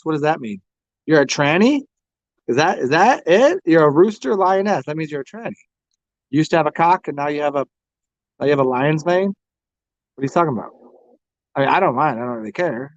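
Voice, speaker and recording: A man's voice: a little high, dry recording, highs cut off. An American man hosting a casual tarot livestream, rambling and crude, taunting the people who join. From United States. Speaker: livestream host reading tarot.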